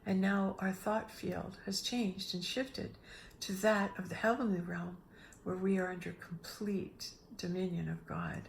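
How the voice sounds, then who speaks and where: A middle-aged woman giving a casual spiritual talk, telling a personal story with lively restarts and acted-out inner voices. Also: mid-range voice, measured pace, creaky, slight background noise. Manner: animated, restarts often, acts out her own inner voices. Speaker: spiritual speaker.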